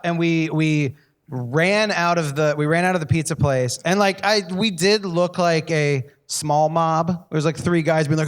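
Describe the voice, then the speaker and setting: A man with a slightly high voice co-hosts a live podcast on stage. He trades stories with the other hosts and drops in wry, joking asides. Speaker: podcast co-host. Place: live stage in front of an audience.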